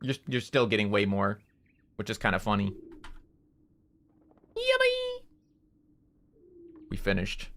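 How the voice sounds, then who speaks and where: A Canadian man streams a game and chats casually, rambling, swearing now and then, and cooing at his cats in a high voice. He talks fairly quickly in a steady tone, with background noise present.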